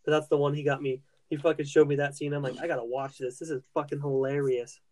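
A man's voice: a little high, fast talker. A man and father chatting casually on a podcast, laid-back and swearing often. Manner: laid-back, profane, flat delivery. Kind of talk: casual chat.

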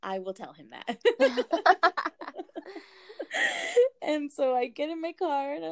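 A young woman casually telling a story, animated, swearing and laughing as she goes. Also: high-pitched, takes it slowly, long pauses.

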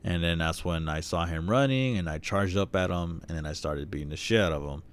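A man's voice: sits low, fairly quick, smooth. Profane laid-back man telling stories. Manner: profane, rambling, animated storytelling. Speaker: podcast co-host. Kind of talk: casual podcast banter.

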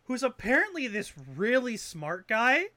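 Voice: medium pitch, big pitch swings, measured pace, pushed and bright, dry recording. A speaker ranting about a video game in casual, sarcastic talk, often swearing and restarting sentences. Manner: exasperated, sarcastic and profane; rambling with frequent restarts.

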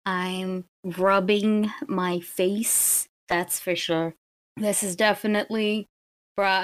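A woman's voice: fairly low pitch, fairly bright tone, clean tone. A woman playing a character in a tabletop role-playing game, playful and jokey. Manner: playful, jokey, quick to laugh. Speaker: player.

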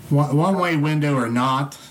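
A man's voice: a little high, moderate pace, slight background noise. A man co-hosting a casual chat, reading listener comments and adding dry, wry quips. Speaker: podcast co-host.

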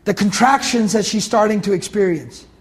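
High-voiced man teaching Quran commentary. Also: moderate pace, husky. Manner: repeats key phrases, explains Arabic words.

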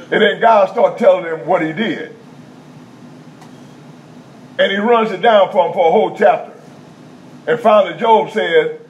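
A man preaching a teaching sermon to a congregation in a somewhat high voice. He talks conversationally in vernacular speech, checks in often with his listeners and repeats key points slowly. The recording is dull and lo-fi, with a faint hum of noise behind him.

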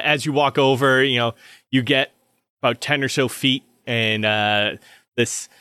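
A man running a tabletop game as game master, narrating with many fillers and pauses. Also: medium pitch, bright, forceful tone, clear, resonant tone, no echo, clean studio sound.

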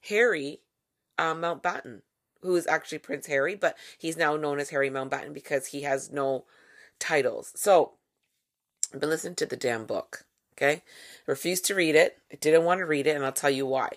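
A woman's voice: low voice, normal speed. A woman hosting a podcast, talking in a casual, wry monologue with playful asides. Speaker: podcast host.

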